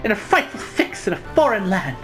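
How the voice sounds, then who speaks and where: A woman's voice: mid-range voice, sing-song, brisk, over music, natural voice, rough recording. Woman putting on a florid, grandiose young male student. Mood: theatrical. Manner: grandiose, alliterative, theatrical outbursts. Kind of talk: reading a game character aloud.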